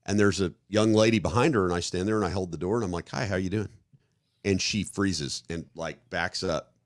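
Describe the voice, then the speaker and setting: A man's voice: low-pitched, steady tone, brisk, no echo, studio quality. A man from the American Midwest co-hosting a podcast, talking casually and rambling with many restarts as he acts out everyday scenarios. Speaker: podcast co-host. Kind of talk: casual conversational discussion.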